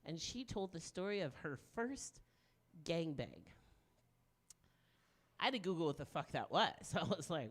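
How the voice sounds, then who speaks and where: A woman in her late forties doing a stand-up set, frank and self-mocking, with animated punchlines. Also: deep voice, a little slow, long pauses. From Deep South of the US. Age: 40s. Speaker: stand-up comedian.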